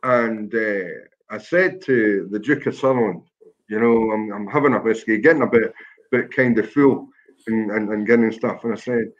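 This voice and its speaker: A man, a guest telling a lively, self-deprecating anecdote in a casual way. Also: lowish voice, normal speed, highs cut off. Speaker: guest storyteller.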